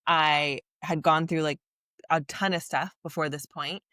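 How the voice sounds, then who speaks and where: A woman's voice: sits low, steady tone, a little slow, pushed and bright, dry recording. Reflective woman podcast host, dry sound. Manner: reflective, earnest, rambling with frequent fillers. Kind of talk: casual conversation.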